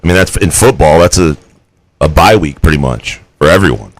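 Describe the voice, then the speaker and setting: A man's voice: a bass voice, lively intonation, brisk, no room sound, low-quality recording. A man co-hosting a podcast in casual chat, laid-back and trailing off, growing exasperated when he rants. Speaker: podcast co-host.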